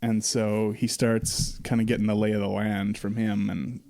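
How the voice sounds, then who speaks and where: A man's voice: lowish voice, little pitch movement, moderate pace, a little mellow. A man co-hosting a podcast, casually recapping a film, laughing often and acting out the characters' lines. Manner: laughs often, acts out lines in put-on voices. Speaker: podcast co-host. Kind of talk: casual movie discussion.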